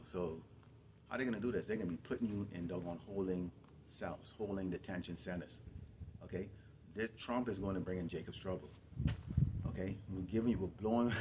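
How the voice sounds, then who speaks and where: A man's voice: low voice, noisy background. A man preaching to a congregation, emphatic and repetitive, often putting questions to his listeners. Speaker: camp teacher.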